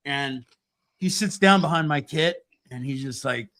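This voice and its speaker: A middle-aged man who hosts a podcast and plays music, telling a story in a casual, animated way with a lot of swearing. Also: medium pitch, a little slow.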